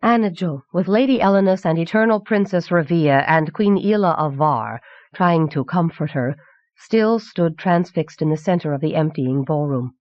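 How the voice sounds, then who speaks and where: Woman narrating a novel, low and dry. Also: moderate pace, no echo. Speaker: audiobook narrator. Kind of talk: scripted narration. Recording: dull 1990s cassette audiobook.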